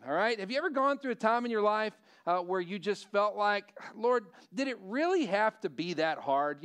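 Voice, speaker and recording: A man's voice: high-pitched, fairly bright tone. A middle-aged male pastor preaching a sermon in a conversational way, often asking the congregation questions.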